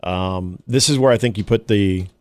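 A man's voice: fairly low pitch, normal speed, darkish tone, no echo. A man co-hosting a sports radio show, chatting casually and often restarting his sentences.

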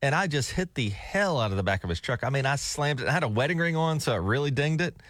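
Middle-aged guy on the radio, chatty and animated, pitch swings all over. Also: fast talker, dry recording, studio quality. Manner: animated storyteller, laughs often. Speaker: radio host. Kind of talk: casual on-air chat. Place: radio studio.

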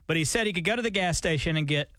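A man's voice: fairly high pitch, racing, pushed and bright, no room sound, clean studio sound. A man co-hosting a morning radio show, joking and teasing his partner in casual banter. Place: radio studio. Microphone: studio microphone.

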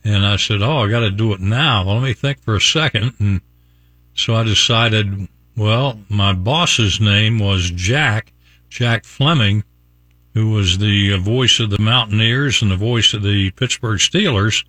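A man's voice: on the low side, a little slow, bright, forceful tone, no echo. An older man from Virginia hosting a morning radio show, telling a rambling story and chuckling often. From Virginia, USA. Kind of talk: chatty on-air storytelling. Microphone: studio mic.

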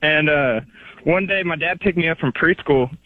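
A man's voice: fairly high pitch, moderate pace. A man calling a radio show for the first time, nervous and apologetic. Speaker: radio caller. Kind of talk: telling a story on the phone. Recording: tinny phone line.

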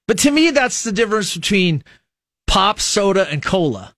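Middle aged american guy on local radio, kinda high voice, rambly and self-mocking, dry close studio sound. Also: big pitch swings, normal speed, a bit bright, dry recording. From United States. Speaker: radio host. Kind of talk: casual radio chat. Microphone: studio microphone.

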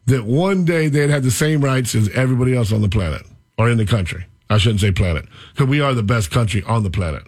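A man hosting a radio talk show, rambling and animated as he tells stories. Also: sits high. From Florida. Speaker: radio host.

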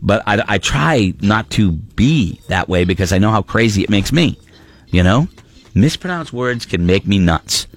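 A man's voice: lowish voice, lively intonation, a little slow. A man hosting a casual talk show, ranting in an exasperated way. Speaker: radio show host. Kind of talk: casual chat.

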